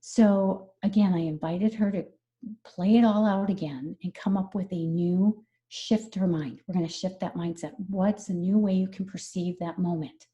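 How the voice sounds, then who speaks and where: A woman's voice: fairly low pitch, fairly even intonation, moderate pace, warm tone, muffled recording. A woman stress management coach explaining her methods earnestly in a conversational interview, repeating key phrases.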